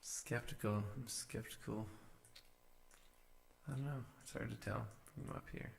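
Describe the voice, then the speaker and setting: Working on his vocal edits live on stream, this music-producing man muses to himself and breaks into short sung takes. His voice is on the low side and gravelly.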